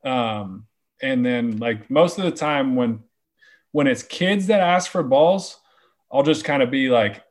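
A man's voice: medium pitch, slow. A young man, a ballplayer guest, chatting casually in a laid-back, rambling way with lots of restarts. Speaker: baseball player guest. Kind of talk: casual interview chat.

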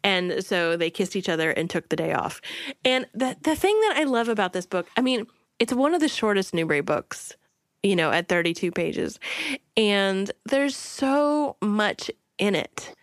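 A woman's voice: mid-range voice, sing-song, moderate pace, no echo. A woman co-hosting a book podcast in casual chat, retelling a story and slipping into quoted voices. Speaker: podcast co-host.

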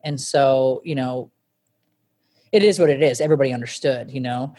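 A woman's voice: rumbling low, normal speed, dark tone. A woman in her forties, an interview guest, telling her story candidly and bluntly, swearing freely.

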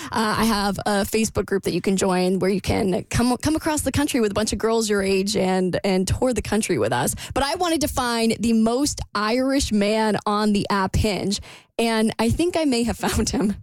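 A woman's voice: medium pitch, lively intonation, moderate pace, dry recording. A woman from the United States hosting a podcast, chatty and joking, laughing often. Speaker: podcast host. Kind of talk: casual podcast chat.

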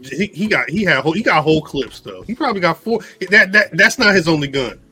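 Guy on a podcast with a bright voice, laid back, checking facts. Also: fairly high pitch, fast talker, slightly rough, soft background music. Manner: relaxed, chiming in and checking facts. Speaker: podcast co-host. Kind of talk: casual chat.

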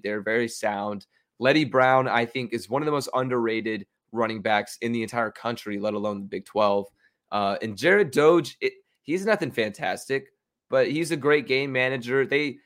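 A man's voice: medium pitch, a bit bright. A young man hosting a sports betting podcast, talking through his picks in a chatty, confident, self-mocking way. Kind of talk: casual solo commentary.

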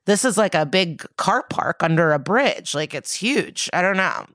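A young woman with a slightly low voice chats her way through a TV recap, peppering it with swearing and quoted dialogue. The sound is close and dry, with no room around it. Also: expressive, normal speed, fairly bright tone, dry recording. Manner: swears casually, retells scenes with quoted dialogue. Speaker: podcast co-host. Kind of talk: casual recap chat.

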